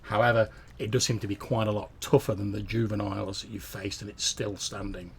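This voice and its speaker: A man's voice: lowish voice, flat delivery, a little fast, gravelly, husky. A man narrating a tabletop game as game master, describing the action with small hesitations.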